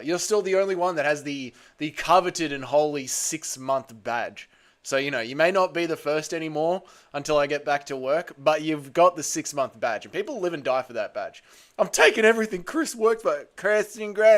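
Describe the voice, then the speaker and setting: A young Australian man hosting a casual livestream, a little hungover, bantering loudly with chat and calling everyone mate and brother. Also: a little high. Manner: loud, blokey banter with frequent "mate" and "brother". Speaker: livestream host.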